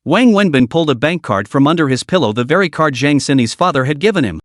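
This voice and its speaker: Expressive male story narrator. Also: fairly high pitch, brisk, hardly any pauses, dry recording, studio quality. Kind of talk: scripted narration.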